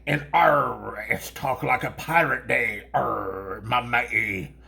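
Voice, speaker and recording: A man's voice: mid-range voice, takes it slowly, vocal fry, sharp tone, heavily acted. A man putting on a rowdy pirate voice. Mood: playful. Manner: growly pirate talk, drawn out. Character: rowdy male Marine pirate impression, growling "arr".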